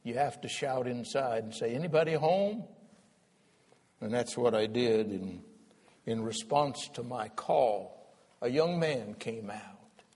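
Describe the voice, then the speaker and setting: A man pastor preaching a sermon as a story, dramatic and swinging from loud to hushed. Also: mid-range voice, slow, slightly rough. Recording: long hall reverb.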